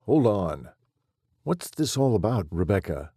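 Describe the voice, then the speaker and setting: A desperate rancher husband pleads and insists, stubborn and urgent, read by a male audiobook narrator. His voice is deep and dark, slightly husky, recorded close and dry. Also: very animated, a little slow, no echo, full character voice. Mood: pleading.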